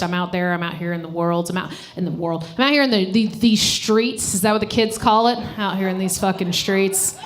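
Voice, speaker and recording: A woman's voice: medium pitch, a bit bright. A woman comedian doing a live stand-up set on a stage mic, brash and profane, teasing people in the audience. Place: live comedy show venue.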